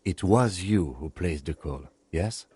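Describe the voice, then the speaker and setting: An actor playing a composed, formal police lieutenant in a video game, speaking in a clipped husky voice. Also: male voice, low-pitched, expressive, measured pace, a little mellow, full character voice. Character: calm precise male police lieutenant.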